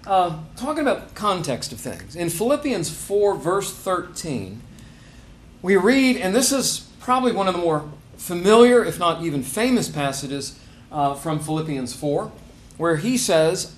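A man's voice: sits high, big pitch swings, unhurried. A man preaching a sermon in a conversational way, rising to emphatic stresses on key phrases. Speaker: pastor.

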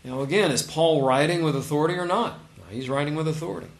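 A man's voice: a little high, fast talker. Guy preaching a sermon, earnest and emphatic, echoey room. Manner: earnest, emphatic, reads verses aloud with stresses. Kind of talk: sermon with scripture reading. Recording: roomy echo.

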